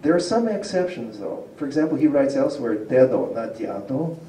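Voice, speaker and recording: Dark-voiced man lecturing in a roomy hall. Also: a little high, big pitch swings, fast, slight background noise. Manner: explanatory, asks the audience questions, chuckles often. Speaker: university linguistics lecturer. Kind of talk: public lecture to a community audience. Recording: roomy hall picked up from a distance.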